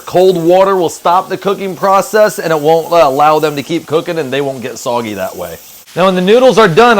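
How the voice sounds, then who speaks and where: A man talking casually in a how-to vlog, upbeat and chatty, switching to short firm commands for his dog. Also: a little high. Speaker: vlogger and dog trainer. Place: outdoors training a dog.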